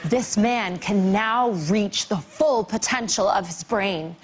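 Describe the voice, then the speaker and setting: A woman's voice: medium pitch, slow pace, few pauses. A woman delivering brash, sassy comedy lines on a panel show. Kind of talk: improvised comedy. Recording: background noise.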